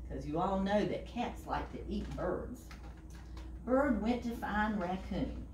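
A woman librarian reading a picture book aloud to children, animated and asking them questions. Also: medium pitch, slow pace, slight background noise. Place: library room. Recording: roomy and distant from the mic.

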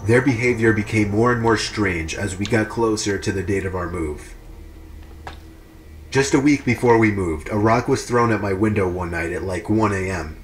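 A man reading true horror stories aloud in an even, measured narration. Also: fairly low pitch, slight background noise. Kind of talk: scripted narration.

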